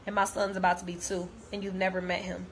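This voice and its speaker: A woman's voice: lowish voice, flat delivery, fast talker, a little hiss or hum. A young woman talking straight to camera, blunt and heated, repeating herself as she vents. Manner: blunt, repetitive, heated, profane. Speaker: vlogger. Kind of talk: direct-to-camera rant.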